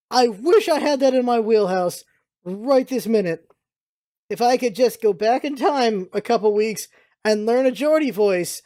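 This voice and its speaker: A woman's voice: high voice, a little mellow. A woman reading game dialogue aloud between jokey asides, trying out character voices as she plays. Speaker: let's play streamer.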